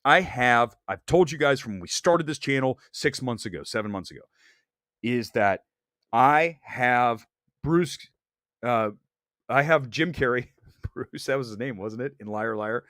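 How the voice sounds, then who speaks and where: A man hosting a movie talk show, giving blunt, animated opinions with bursts of laughter. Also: medium pitch, measured pace, no room sound, clean studio sound. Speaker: podcast host and film critic. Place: Los Angeles studio.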